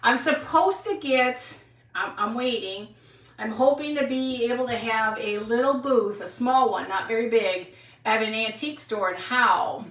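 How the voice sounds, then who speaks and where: Bright-voiced woman in her sixties, roomy. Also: fairly high pitch, a little slow. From Wisconsin, USA. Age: 60s. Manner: chatty, rambling, answers viewer comments. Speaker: craft livestream host. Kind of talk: casual craft livestream chat. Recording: roomy, mic at a distance.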